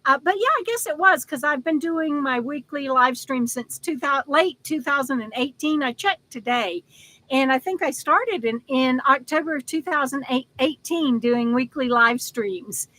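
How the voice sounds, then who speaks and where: Bright high-voiced woman chatting. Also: low-quality recording. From Texas. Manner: chatty, affectionate, laughs often, halting with fillers and restarts. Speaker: livestream host. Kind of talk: casual live-stream chat reading comments.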